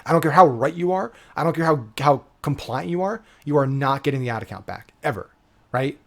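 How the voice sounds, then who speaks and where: A man's voice: on the high side, lively intonation, fairly quick, gravelly. A man giving a casual, emphatic marketing lesson, often checking in with "right?" and swearing casually. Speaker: digital marketing coach. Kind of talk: casual instructional talk.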